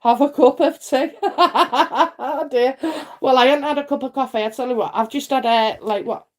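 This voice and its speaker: A middle-aged woman from England hosts a live psychic stream, talking in a loose, rambling way with plenty of fillers and repeated phrases. Her voice sits a bit high for a woman. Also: normal speed. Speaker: psychic livestream host. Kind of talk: casual livestream chat and readings.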